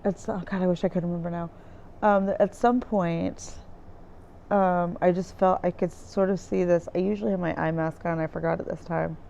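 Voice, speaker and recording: Woman vlogger, warm gravelly tone, rambling and filler-heavy, slightly muffled home recording. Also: lowish voice, fairly even intonation, normal speed, slight background noise. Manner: rambling, searching for words, many fillers. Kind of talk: casual diary-style recap. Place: dim room indoors by a window with trees outside.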